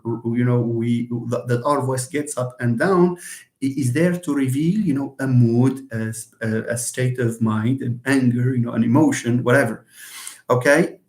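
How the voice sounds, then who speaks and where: A man with a medium-pitched, slightly mellow voice gives a live online linguistics lecture, answering comments. He sounds hesitant, with many fillers, restarts, and repeated words, explaining slowly and stretching out example words to show their sounds, and the room echo is noticeable.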